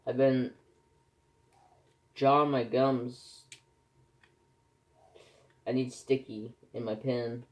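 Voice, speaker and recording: A man's voice: mid-range voice, little pitch movement, extremely slow, long pauses, lo-fi sound. A man chatting casually in his craft vlog, telling anecdotes animatedly. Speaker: craft vlogger. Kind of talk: casual chat while crafting.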